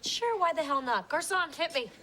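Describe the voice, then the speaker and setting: A woman's voice: high-pitched, expressive, moderate pace, very noisy. A woman acting a sarcastic, dry-witted girlfriend in a sitcom.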